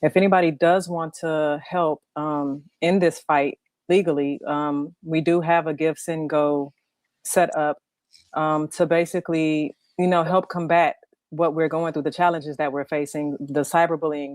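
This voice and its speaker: A woman who is a guest on a livestream talk show, speaking in a measured way with frequent ums. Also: sits low, no echo. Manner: measured, even, many ums.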